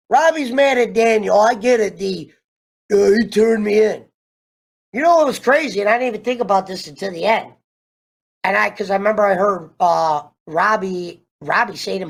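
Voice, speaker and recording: A man casually ranting through a TV show review, animated and profane, wandering off on tangents. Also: sits high, gravelly. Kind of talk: casual rambling rant.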